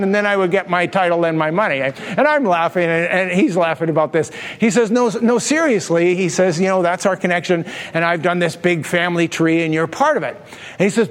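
A man preaching as pastor, telling a humorous story with animated delivery. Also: high voice, in a large hall. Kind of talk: storytelling sermon.

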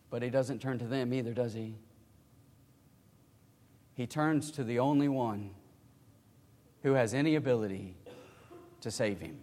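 A man preaching a sermon to his congregation. He swings between hushed, low passages and loud, emphatic cries. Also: a little slow, pauses often. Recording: reverberant hall.

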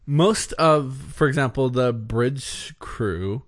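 Deadpan man trading quips on a podcast. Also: medium pitch, takes it slowly. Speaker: podcast co-host. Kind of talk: casual chat.

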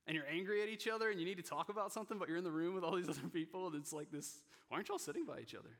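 A man's voice: high-pitched, steady tone, rapid-fire. Earnest man preaching in a reverberant hall. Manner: earnest and personal, drops to a hushed near-whisper for emotional moments. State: emotional, choking up. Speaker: pastor. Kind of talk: sermon. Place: church sanctuary.

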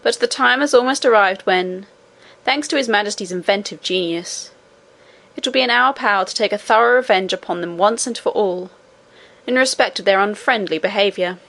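A woman puts on a scheming goblin chancellor, a self-important male creature orating to his people. He talks fast and a little low, rolling out grand claims of revenge in a storybook voice. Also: creaky, a bit bright. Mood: grandiose.

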